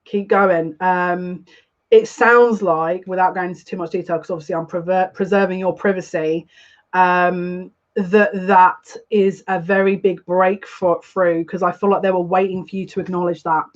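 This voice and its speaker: A woman's voice: on the low side, steady tone, moderate pace, lo-fi sound. A woman giving a live collective card reading as a psychic, talking in a chatty, rambling and openly emotional way.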